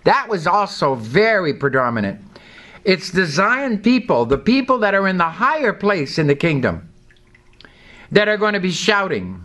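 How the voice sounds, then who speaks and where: A man preaching a sermon in a somewhat high voice. He speaks emphatically as a pastor and leads the congregation in repeating lines back to him. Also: very animated, a little slow, pauses often, a bit bright.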